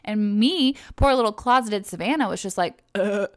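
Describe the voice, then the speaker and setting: On her own podcast, a young woman from Kentucky, USA, chats her way through a casual solo monologue, rambling with lots of fillers and self-corrections. Her medium-pitched voice has lively intonation at normal speed, with no room sound and a clean studio finish.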